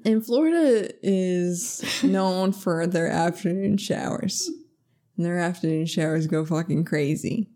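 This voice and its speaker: A woman's voice: on the low side, measured pace, warm tone. A young woman co-hosting a podcast, telling a funny story in casual chat, swearing often and breaking into laughter. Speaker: podcast co-host.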